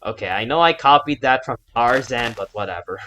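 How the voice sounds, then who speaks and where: A male gamer narrating his own playthrough in a mid-pitched voice, rambling on between moves. He flips into frantic shouting when things go wrong and tosses in Japanese exclamations. A faint hiss sits behind him. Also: lively intonation, brisk, rough recording. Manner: chatty, breaks into loud panicked shouting. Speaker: gaming YouTuber and English teacher. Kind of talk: let's play commentary.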